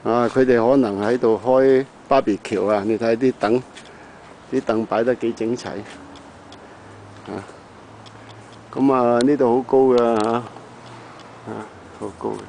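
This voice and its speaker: A middle-aged man casually narrating his own home video outdoors around his house, filling pauses with short "ah"s. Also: medium pitch, fairly even intonation, darkish tone, slight background noise, poor audio. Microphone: handheld camera.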